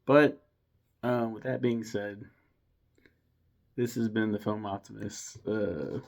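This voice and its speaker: A fairly low-pitched young man talks through a movie review in a loose, rambling way. He gets enthusiastic, trips over his own restarts and swears casually as he goes. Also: fairly even intonation, slow, vocal fry. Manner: rambling and enthusiastic, with mild swearing and self-interruptions. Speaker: film reviewer. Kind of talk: casual film review monologue.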